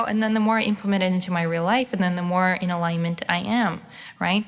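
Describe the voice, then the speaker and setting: This is a young woman chatting live to her followers in a loose, giggly way. She swears casually and slips into bright, excited voices when she acts out her own thoughts. Her pitch sits right in the middle for a woman. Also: fast, creaky. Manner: chatty, laughs often, swears casually, animated quoted voices. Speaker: podcast host and skincare business owner. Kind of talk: casual livestream chat.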